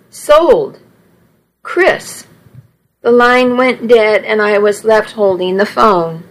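A woman narrating a romance audiobook in the first person, with slow, measured reading. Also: on the high side, low-quality recording.

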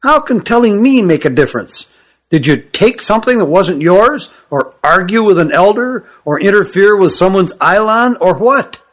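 A man's voice: high voice, animated, normal speed, a bit bright, voice pushed up. A man voicing a younger, smaller lad in an audiobook who keeps asking eager, incredulous questions. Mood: pressing questions. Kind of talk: audiobook character voice.

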